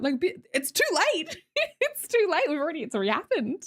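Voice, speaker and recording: Australian woman streamer, young, blunt and sweary, chatty with viewers, slightly high voice. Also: wildly swooping pitch, fairly quick. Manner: blunt, sweary, laughs often. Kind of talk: casual chat with viewers.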